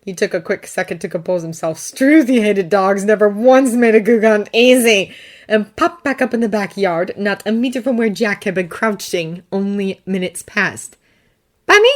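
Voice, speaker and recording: Woman, audiobook narrator, steady storytelling, mid pitch. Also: moderate pace. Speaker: fanfiction narrator.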